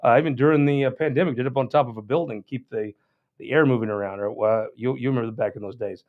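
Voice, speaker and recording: A man's voice: medium pitch, fast. A man hosting a political talk show, rambling in a folksy, casual monologue with frequent restarts. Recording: dull lo-fi sound.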